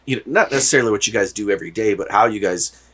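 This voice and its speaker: A man hosting a podcast, chatting in a relaxed, reflective, soft-spoken way. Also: on the low side, racing, husky. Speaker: podcast host. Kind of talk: casual chat.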